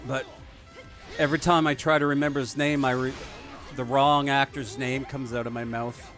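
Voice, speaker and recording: A man's voice: medium pitch, little pitch movement, normal speed, fairly bright tone, faint music behind. A man giving rambling, crude, digressive commentary while he plays a video game. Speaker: gaming video host. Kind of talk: rambling let's play commentary.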